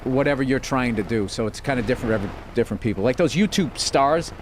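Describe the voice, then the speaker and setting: A man's voice: mid-range voice, lively intonation, quick pace. Rambling comedian man over a noisy background. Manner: rambling, loose, full of fillers. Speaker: comedian guest. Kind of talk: casual interview chat.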